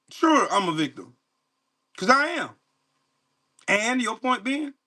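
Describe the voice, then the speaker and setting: A man's voice: extremely high pitch, very animated, slow, sharp tone. Angry profane man ranting at live chat. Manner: profane, mocking, confrontational. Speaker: livestream host.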